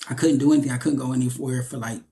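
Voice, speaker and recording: In a casual interview, a young adult actor rattles off stories in a creaky mid-range voice, very fast. His delivery is animated, and he keeps repeating himself as he goes.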